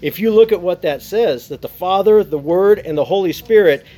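A man's voice: high voice, moderate pace, mellow. A man who wrote a Bible commentary, explaining scripture in casual teaching talk, earnest and full of fillers and restarts.

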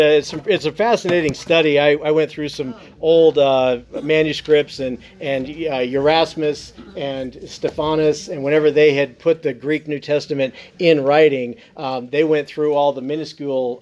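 Earnest man explaining scripture, slightly high voice. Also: a little mellow. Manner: earnest, many fillers and restarts. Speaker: Bible commentary author. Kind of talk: casual teaching talk.

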